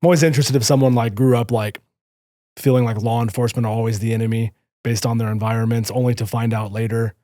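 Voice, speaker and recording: A man's voice: mid-range voice, little pitch movement, fast talker, dark tone, no room sound. A man hosting a podcast, asking curious, loosely phrased questions of his guest. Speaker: podcast host. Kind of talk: interview questions.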